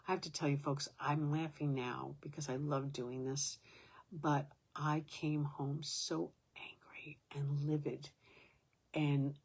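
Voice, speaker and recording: A woman's voice: low voice, gravelly, slightly rough. An older woman at home, talking to her own camera in a rambling, aggrieved way, with many fillers. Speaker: vlogger. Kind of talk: casual talk to camera.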